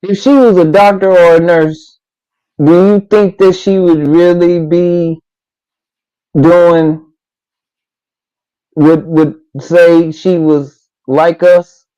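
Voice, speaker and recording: A man in a casual discussion, halting and restarting as he slowly builds his point. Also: high-pitched, fairly even intonation, mellow, smooth, muffled recording. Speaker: co-host.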